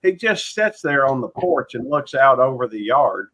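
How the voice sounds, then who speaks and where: A man rambling in casual chat, halting with fillers and restarts. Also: mid-range voice, very animated, a bit bright. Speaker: live stream panelist. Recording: dull lo-fi stream audio.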